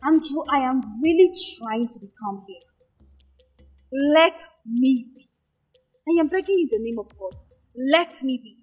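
An actress with a Nigerian accent in a film drama, pleading in a strained voice. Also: female voice, high-pitched, expressive, normal speed, breathy edge, in a large hall, soft background music.

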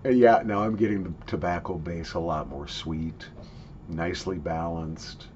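A man's voice: deep voice, fairly even intonation, normal speed, darkish tone, dull audio, a little hiss or hum. A man in a casual product review, chatty and jokey, coughing and sniffing between his remarks. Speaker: snuff reviewer.

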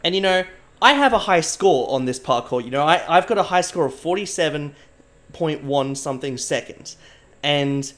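Young man, streamer, rambling mock-serious chat with viewers, slightly higher voice. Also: lively intonation, normal speed, fairly bright tone. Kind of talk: casual live-stream chat.

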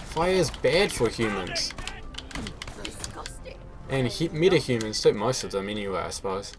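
A man's voice: mid-range voice, lively intonation, unhurried, over music. Self-mocking man playing a game. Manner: self-mocking, chatty, swears when frustrated. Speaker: game player. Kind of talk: solo gameplay commentary.

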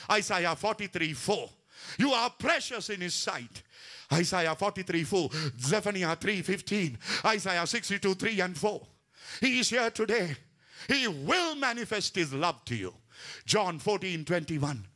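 A man preaching a sermon with fervent passion, rising to shouts and dropping to hushed, low lines, often reciting scripture references. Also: sing-song, measured pace. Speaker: pastor.

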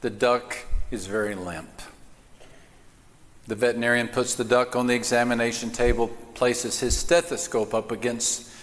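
Male pastor, live sermon, storytelling, mid-pitched voice, long church reverb. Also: steady tone, fairly bright tone. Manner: storytelling, slow emphatic cadence. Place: church auditorium.

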